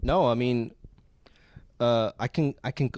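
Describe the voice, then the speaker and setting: A man's voice: medium pitch, a little slow, a little mellow, dry recording. A young man chats casually as a podcast co-host. He is laid-back and laughs often. The sound is dry and close.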